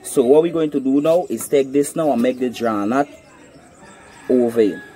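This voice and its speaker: Mellow and medium-pitched, this Guyanese-accented man speaks at a moderate pace while recording on a phone camera outside. As a hunting vlogger, he walks through how a trap works in stages, frequently making sure his audience understands.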